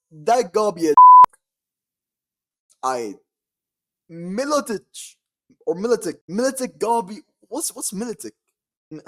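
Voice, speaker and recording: A young man chatting casually as a vlogger, excitable and slangy, often breaking into laughter. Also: high-pitched. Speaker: quiz vlogger. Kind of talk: casual chat.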